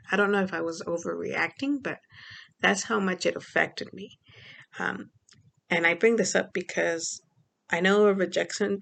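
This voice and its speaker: A woman who works as a school speech therapist, telling stories from her workday in a casual vlog and often clearing her throat. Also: fairly bright tone. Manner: chatty, frequent fillers and clearing of throat; acts out quoted people with pitch jumps. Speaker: vlogger.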